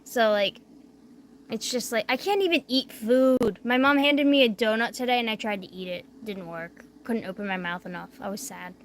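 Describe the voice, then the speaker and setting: Late at night on a livestream, a young woman chats casually, speaking through a barely opened mouth after wisdom teeth surgery. Her voice is a little high and moves at normal speed, with slight background noise. She rambles, leans heavily on fillers, and drifts quiet.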